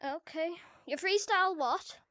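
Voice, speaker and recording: Silly high girl voice chatting slow over a vr game, dry close sound. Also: fairly bright tone, no echo, muffled recording. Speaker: gameplay video maker. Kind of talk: casual gaming commentary.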